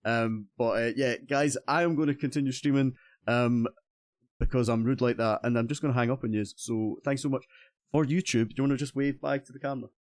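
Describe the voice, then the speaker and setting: A cheerful Scottish man hosts a relaxed gaming livestream, chatting with guests and tripping over his own words as he restarts his sentences. His voice sits at an ordinary middle pitch for a man. The recording is dry, with no room sound. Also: brisk, no room sound. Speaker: streamer host. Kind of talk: casual stream chat.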